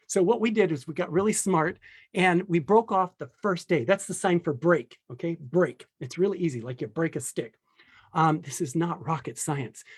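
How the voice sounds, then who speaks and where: Animated man teaching sign language. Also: high-pitched. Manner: lively, acts out quotes in voices. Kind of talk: casual talk on a video call.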